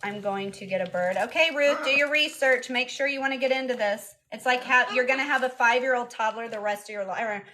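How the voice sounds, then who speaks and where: A woman's voice: fairly high pitch, brisk, few pauses, pushed and bright. A young woman chatting casually on a live stream, cooing baby talk to her pet bird between answers to comments. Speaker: parrot owner live streamer.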